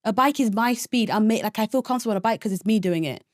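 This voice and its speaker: Young woman, podcast co-host, rapid animated storytelling, dry sound. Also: fairly high pitch, no room sound. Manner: animated, fast storytelling with many fillers and squealed quotes. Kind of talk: casual chat, storytelling. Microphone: podcast microphone.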